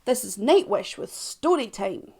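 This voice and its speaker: A Scottish woman hosting a music reaction, talking in a chatty, self-mocking way with sudden hushed asides. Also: fairly high pitch, lively intonation, measured pace, a little hiss or hum. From Scotland. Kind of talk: casual chatty commentary.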